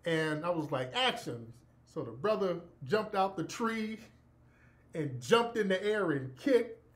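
A man's voice: high-pitched, lively intonation, unhurried. A man hosting a radio show, casually telling a profane anecdote with laughter and acted-out quotes.

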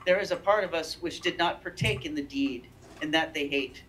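A woman's voice: sits low, normal speed, fairly bright tone, slight background noise, rough recording. A woman reading aloud the lines of a frantic, haunted man who is terrified of unseen horrors, voiced close to her own natural voice.

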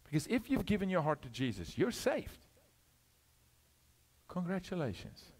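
A middle-aged male guest preacher with a fairly high voice that leaps up and drops low all the time. He preaches with drama, firing questions at the crowd and acting out little scenes. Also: big pitch swings, unhurried, slightly rough. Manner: dramatic, swinging from loud calls to hushed asides; asks questions, acts out dialogue. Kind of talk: sermon.

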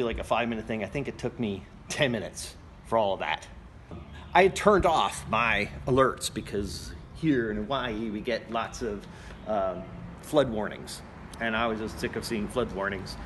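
A man's voice: lowish voice, a bit bright, slight background noise. A man vlogging a casual first-person story at home, rambling and plain-spoken with many fillers. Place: his apartment and building, walking around.

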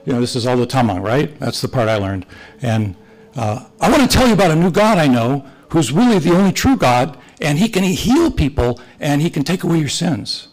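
Animated and brisk, an older man speaks in a fairly high, darkish voice over a low-quality recording. A retired missionary priest teaching Sunday school, he tells his church class rambling stories, acting out each exchange with quoted voices.

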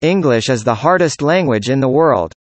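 Speaker doing practice conversation lines, plain even delivery, dry close sound. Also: mid-range voice, moderate pace, dry recording. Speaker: dialogue reader.

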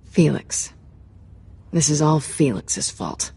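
An actress playing a young con artist in a game, cool and sarcastic under pressure. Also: female voice, low voice, expressive, takes it slowly, vocal fry, warm tone, husky, exaggerated voice. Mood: defiant. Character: defiant young female con artist, sharp-tongued.

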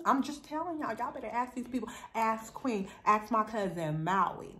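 A woman's voice: a little high, expressive, normal speed, hardly any pauses, a bit bright. A middle-aged woman chatting affectionately and playfully to camera as a vlogger. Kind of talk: casual chat to camera.

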